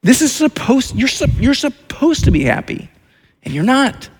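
A man's voice: extremely high pitch, big pitch swings, moderate pace, breathy edge. A man preaching a sermon as pastor, in a repetitive, emphatic way with many restarts.

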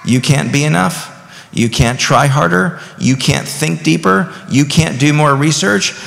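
A man's voice: fairly high pitch, measured pace, vocal fry, a bit bright. A man in his thirties preaching a sermon as pastor, talking conversationally and rising to emphatic bursts. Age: 30s. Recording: long reverb of a large hall.

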